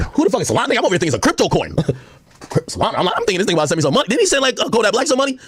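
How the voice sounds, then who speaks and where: Guy ranting on his stream, bouncy pitch, kinda husky, dry close mic. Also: racing, no room sound. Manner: animated, laughing, mimics others in put-on voices. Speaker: livestream streamer. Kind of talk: casual livestream rant.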